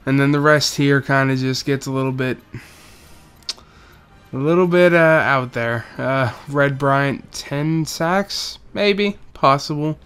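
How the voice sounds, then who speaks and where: A man's voice: mid-range voice, slow pace, fairly bright tone, smooth, soft background music. A young man giving casual, joking commentary over a football video game, rambling through stats and doing mock play-by-play. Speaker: gaming YouTuber.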